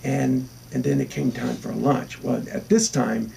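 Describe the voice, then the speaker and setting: A man's voice: mid-range voice, steady tone, a little slow, gravelly, dark tone, far from the mic, slight background noise. A man telling a funny road story in a casual interview, acting out the quoted lines.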